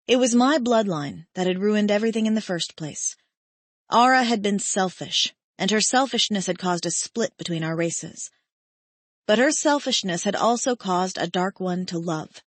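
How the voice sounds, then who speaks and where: A woman narrating a romance audiobook in the first person, emotive and measured. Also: medium pitch, dry recording.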